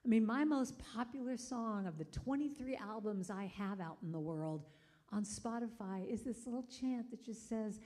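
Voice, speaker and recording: Speaking at normal speed in a rather high voice, this middle-aged woman is the guest preacher in a church sanctuary. Her sermon is conversational and full of lively stories, with quotes she performs in character.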